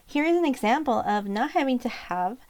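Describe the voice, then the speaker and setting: A woman's voice: high-pitched, expressive, a little fast, a little mellow. A woman casually talking through postcards she sold online, chatty and thinking aloud with fillers and asides. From Montana. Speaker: eBay postcard seller. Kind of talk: casual sales recap vlog.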